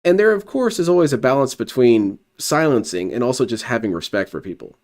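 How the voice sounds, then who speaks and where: Male streamer, sarcastic and mocking, lively pitch, reacting to clips. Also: brisk. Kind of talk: reaction commentary.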